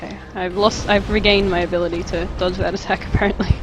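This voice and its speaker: A woman's voice: mid-range voice, little pitch movement, quick pace, music in the background, low-quality recording. A young Australian woman chatting casually with her viewers while she plays a game on a live stream, rambling from one thought to the next. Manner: chatty, rambling, reads and answers chat.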